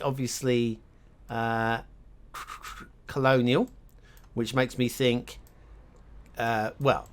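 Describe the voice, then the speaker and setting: A man thinking aloud as he plays a geography guessing game, musing and hesitant, talking half to himself with clicks and typing behind him. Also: mid-range voice. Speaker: game streamer. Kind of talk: thinking aloud while playing.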